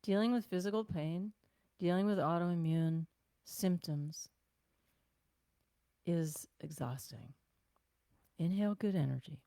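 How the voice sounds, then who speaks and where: An older woman leading a self-care class, giving gentle, unhurried instructions with sighs and breathing cues. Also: fairly low pitch, vocal fry, no room sound. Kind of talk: guided self-massage class.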